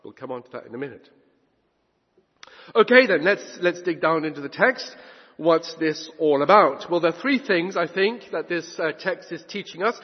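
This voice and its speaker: A man delivering a sermon in a fairly high, husky voice, his pitch climbing and dropping widely as he drives home each point. He swings from loud declarations to hushed asides. The recording is dull and carries the long reverb of a church hall. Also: lively intonation, normal speed. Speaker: preacher.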